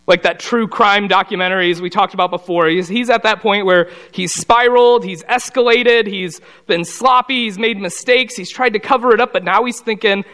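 A man with a notably high voice for a man leads a relaxed Bible lesson. He talks through the story like a conversation and drops into quick character voices for the people in it. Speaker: Bible study teacher. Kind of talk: casual Bible teaching.

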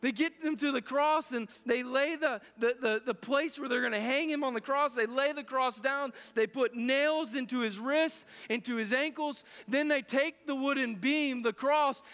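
An earnest man in his thirties preaches with a bright, high voice, pushing harder as he goes and often restarting his phrases. His words ring out with the long reverb of a large hall. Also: normal speed, few pauses, clear, resonant tone. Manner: earnest, building intensity with restarts. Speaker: pastor. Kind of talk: sermon.

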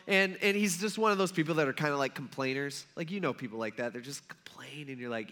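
A man giving a casual sermon, telling a Bible story in a chatty, animated way, swinging from loud emphasis to hushed asides. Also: high voice, quick pace. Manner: conversational, animated storytelling with voiced characters. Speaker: preacher.

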